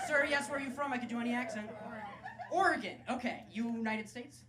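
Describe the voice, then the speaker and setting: On a comedy club stage, a male stand-up comedian with a very high-pitched voice delivers a brisk, brash, crude set full of sarcastic crowd work. A loud live crowd and club noise fill the recording.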